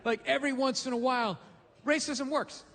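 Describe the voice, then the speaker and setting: High-voiced, fast, profane ranting comedian. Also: male voice, steady tone, long reverb tail, over a noisy crowd, heavy background noise. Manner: ranting, profane, rapid-fire. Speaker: stand-up comedian. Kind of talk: stand-up comedy rant. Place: live comedy stage in a theater.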